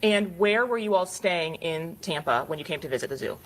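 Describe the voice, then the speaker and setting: A woman attorney examining a witness in court. She asks her questions in a measured, formal manner. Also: on the low side, animated, noisy background. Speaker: prosecuting attorney.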